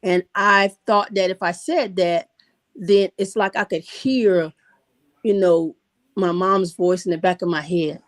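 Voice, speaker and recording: A middle-aged woman co-hosting a casual talk show, telling candid stories in relaxed Southern American phrasing. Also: lowish voice, measured pace. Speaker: podcast co-host. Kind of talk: casual conversation.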